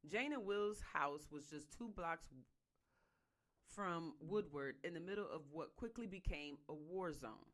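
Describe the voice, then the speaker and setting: A reader working through a book chapter in a steady, even voice, then breaking off into fired-up, slangy remarks. The commentary is loud and emphatic, while the reading stays calm. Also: medium pitch. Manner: casual slangy speech in the asides.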